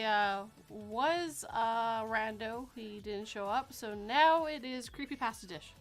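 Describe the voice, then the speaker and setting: Woman with a gravelly voice, chatty host. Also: a little high, slow pace, hardly any pauses, soft background music. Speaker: podcast host. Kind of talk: casual chat.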